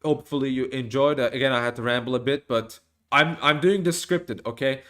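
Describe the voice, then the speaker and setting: A man's voice: medium pitch, brisk, a bit bright. Rambling man streaming commentary. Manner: rambling, with many fillers and restarts. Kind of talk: casual rambling stream talk.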